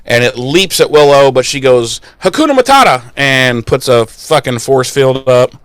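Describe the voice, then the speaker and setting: Recapping an episode with his podcast partner, this man swears freely and performs the characters' dialogue in lively, casual chat. He speaks unhurriedly in a clean, mid-range voice. The recording is dry.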